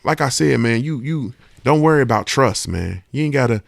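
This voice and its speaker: Here a man hosts a podcast in an animated, moderately paced monologue, his mid-range voice touched with vocal fry. Emphatic and profane, he keeps checking in with "you understand what I'm saying". It's studio quality with no echo.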